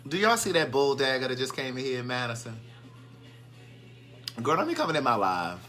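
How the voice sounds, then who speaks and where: A man's voice: mid-range voice, wildly swooping pitch, a little fast, bright, forceful tone, faint music behind. A man hosting a casual live stream, chatting and greeting viewers by name, and easily sidetracked.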